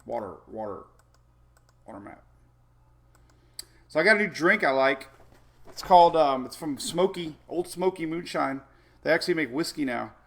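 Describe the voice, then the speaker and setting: A man's voice: on the high side, brisk, gravelly. A man hosting a casual live weather show, rambling and chatty with many fillers and frequent laughs.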